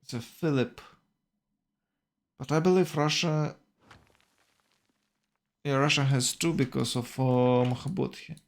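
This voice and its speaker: Slow, hesitant male game commentator. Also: medium pitch, gravelly. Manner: hesitant, self-correcting, thinking aloud. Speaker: tournament commentator.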